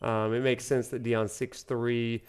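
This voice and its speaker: A man's voice: medium pitch, little pitch movement, a little slow, darkish tone, smooth. Chatty Alabama-born man streaming. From Alabama, USA. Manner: rambling and chatty, answers chat with frequent fillers. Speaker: professor streaming a video game. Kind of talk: casual live-stream chat.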